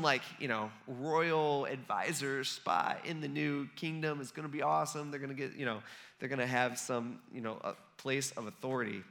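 A man with a fairly high, bright and forceful voice gives a relaxed, chatty sermon. He talks to the room as if to friends and slips into the voices of the people he quotes. His delivery is loose and animated. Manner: conversational, acts out quoted voices. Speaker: preacher. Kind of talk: casual sermon.

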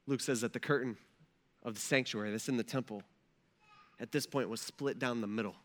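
A man preaching a sermon, moving between hushed storytelling and rising, emphatic passages. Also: medium pitch, steady tone, brisk, in a large hall. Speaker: pastor.

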